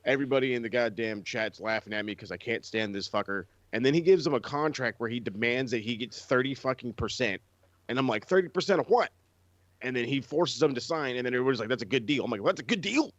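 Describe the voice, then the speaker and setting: A man's voice: mid-range voice, fast, no room sound. A man co-hosting a podcast, ranting in casual, profane chat. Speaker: podcast co-host. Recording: dull lo-fi dry sound.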